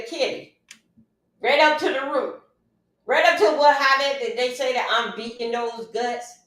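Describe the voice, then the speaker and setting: The livestream host's voice sits high and sounds fairly bright as she talks casually and gives advice. Chatty and emphatic, she often says phrases twice, and the recording comes from a very echoey room with the mic far off.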